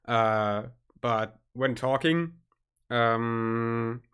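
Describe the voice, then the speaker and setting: A man with a German accent, a native German speaker, chatting casually on a stream, halting and searching for his words. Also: mid-range voice, a bit bright, clear, resonant tone. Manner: halting, searching for words, nervous self-conscious laughs.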